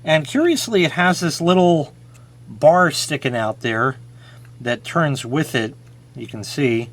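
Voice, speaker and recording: A man's voice: on the high side, slow pace. A man casually showing an old gadget on camera, joking and mocking himself as he rambles. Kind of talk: casual show-and-tell.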